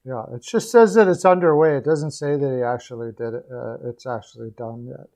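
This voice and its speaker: A man hosting a casual live stream, talking in a relaxed, rambling way with fillers, and losing his voice. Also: medium pitch, brisk.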